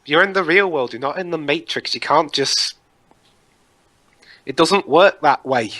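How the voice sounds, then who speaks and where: A young man with a bright, forward voice co-hosts a casual movie commentary. He riffs sarcastically on the film with his friends. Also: fairly high pitch, measured pace. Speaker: commentary co-host.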